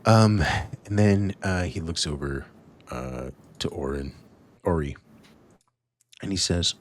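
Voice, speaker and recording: A man's voice: low-pitched, takes it slowly, pauses often. A man narrating as dungeon master, in a loose, filler-heavy style. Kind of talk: narrating a tabletop game.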